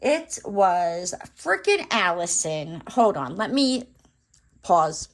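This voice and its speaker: A woman's voice: fairly low pitch, sing-song, slow. A woman telling a rambling story in casual chat while she crafts at home, full of fillers and restarts. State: briefly out of breath after running downstairs. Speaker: crafting vlogger.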